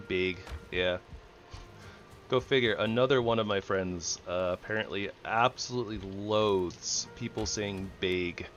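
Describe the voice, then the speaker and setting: A man's voice: lowish voice, unhurried, a bit bright, highs cut off, faint music behind. A young man chatting casually and rambling while he plays a game, chuckling often. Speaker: gaming streamer. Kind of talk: casual gameplay chat.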